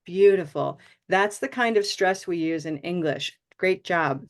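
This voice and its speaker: Encouraging woman teaching pronunciation online. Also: lowish voice. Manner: encouraging, models vowel sounds slowly. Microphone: video call.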